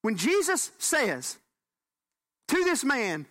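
High, bright preacher man. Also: a little fast. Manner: animated preaching with folksy humor. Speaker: pastor. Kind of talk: sermon.

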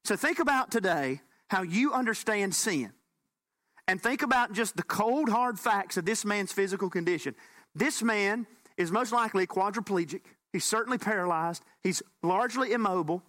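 A man preaching from the pulpit, his voice pitched high and bright. He delivers the sermon in an animated, folksy way with touches of humor. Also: normal speed. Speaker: pastor.

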